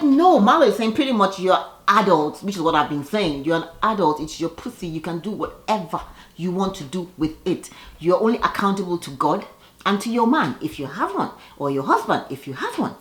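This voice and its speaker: A woman recapping a reality show in casual chat, gossipy and animated, putting on quick voices for the cast members. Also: mid-range voice, reverberant.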